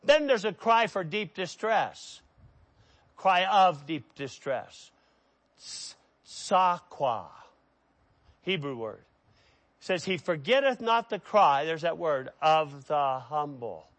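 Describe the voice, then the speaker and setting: A man preaching a sermon who reads scripture aloud, raising his voice for the quoted cries and dropping low when he cites chapter and verse. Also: animated, slow pace, a bit bright, dry recording.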